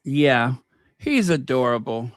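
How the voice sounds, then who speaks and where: A woman's voice: rumbling low, very animated, slow, no room sound, studio quality. A woman hosting a casual commentary channel, chatting and teasing while fumbling to find clips.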